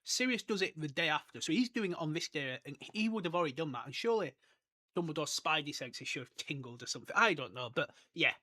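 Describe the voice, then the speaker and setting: Fairly high-pitched, quick and bright with a pushed quality and lively intonation, this male podcast host chats casually about a book and reads passages from it. He wanders off topic and chuckles at his own jokes.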